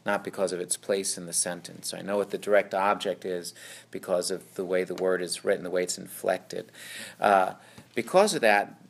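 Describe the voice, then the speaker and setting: A man's voice: deep voice, fairly even intonation, normal speed, vocal fry. A man teaching about a Bible passage, explaining at length and often checking in with "right?" and "okay?". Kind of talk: teaching talk on scripture.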